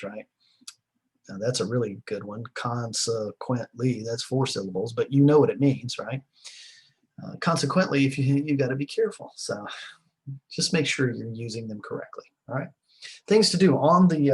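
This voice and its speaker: A man's voice: medium pitch, breathy edge, low-quality recording. A middle-aged man giving a recorded class lecture in a rambling, conversational way, with many fillers and restarts. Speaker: teacher.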